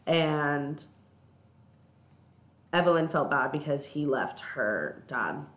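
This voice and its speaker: A woman's voice: low voice, lively intonation, takes it slowly, fairly bright tone. A woman co-hosting a podcast, chatting casually about a book and retelling its plot at length. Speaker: podcast co-host. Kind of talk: casual book-club chat. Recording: echoey room.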